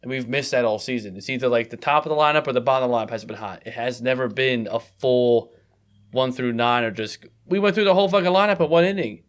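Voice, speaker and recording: A man's voice: medium pitch, fast talker. A man co-hosting a casual sports podcast, blunt and jokey, swearing casually. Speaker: podcast co-host.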